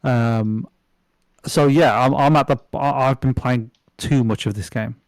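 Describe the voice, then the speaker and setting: A man's voice: medium pitch, steady tone, measured pace, dry recording. A man chatting casually as a podcast guest, rambling with lots of fillers, restarts and swearing. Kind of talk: casual chat.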